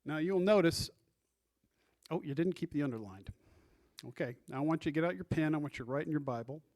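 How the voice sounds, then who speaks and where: A man's voice: on the high side, animated, a little fast, darkish tone. Man preaching a sermon. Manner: teaching, reads scripture aloud and directs the congregation. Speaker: pastor.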